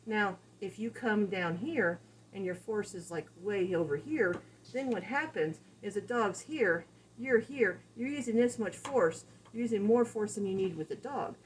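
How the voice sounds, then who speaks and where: A woman dog trainer explains her method in a relaxed, chatty way. Her voice sits at an ordinary middle pitch. A faint hiss of noise runs behind her. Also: unhurried, low-quality recording. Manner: casual, conversational, explains with examples and acted-out quotes. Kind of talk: instructional talk.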